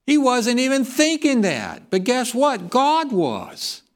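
Male preacher with a lively, swooping pitch, asks the room questions as he goes. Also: slow. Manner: reads scripture aloud in King James wording. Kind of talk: sermon.

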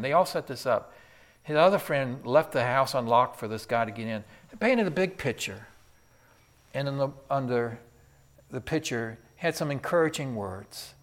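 A man preaching a sermon, swinging from loud emphatic peaks to hushed whispers and throwing rhetorical questions at the congregation. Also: medium pitch.

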